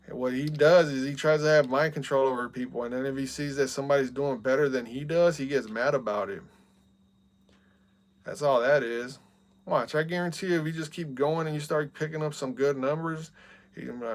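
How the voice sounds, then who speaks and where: Young male streamer, average pitch, talks loose and fired up, filler-heavy. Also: brisk. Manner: heated, repeats "bro" and "man" a lot. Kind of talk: casual chat.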